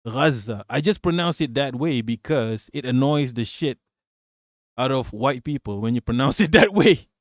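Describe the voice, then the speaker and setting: A man's voice: mid-range voice, lively intonation, normal speed, no echo, clean studio sound. A man hosting a live political stream, reading chat and ranting with a lot of swearing. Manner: profane, ranting, talks back to chat.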